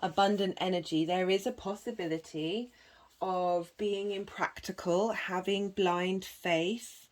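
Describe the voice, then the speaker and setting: A woman giving a tarot and astrology reading to viewers, gentle and meandering, with frequent pauses and filler words. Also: medium pitch. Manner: gentle and meandering, with many ums and soft laughs. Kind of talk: slow, reflective spiritual reading to viewers.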